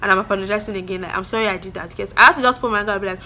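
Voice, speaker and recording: A woman's voice: mid-range voice, rapid-fire, pushed and bright, slight background noise. A young woman, talking earnestly to camera in a casual vlog and repeating her encouragements. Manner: earnest, motivational, repeats phrases. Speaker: vlogger.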